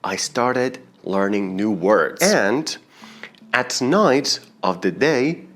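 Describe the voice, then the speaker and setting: A man's voice: mid-range voice, expressive, extremely slow, a bit bright. A young man whose first language is Persian, an English teacher earnestly telling students how he learned the language. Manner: earnest, explanatory, addresses viewers directly.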